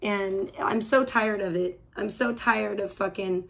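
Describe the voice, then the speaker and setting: On her audio-only livestream from home, the host rants with heat and profanity, rambling and frequently starting over. She speaks unhurriedly at a medium pitch in a steady tone, her voice gravelly yet fairly bright.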